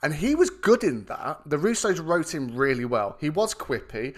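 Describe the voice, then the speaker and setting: Chatty podcast co-host. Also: male voice, a little high, normal speed. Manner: animated, swearing, enthusiastic storytelling. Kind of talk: casual chat.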